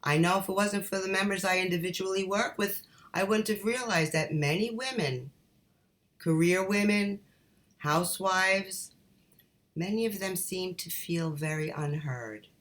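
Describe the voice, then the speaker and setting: Woman life coach, middle-aged, low-pitched, unhurried, calm and encouraging. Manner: calm, encouraging, addresses viewers as ladies. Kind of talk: motivational talk to camera.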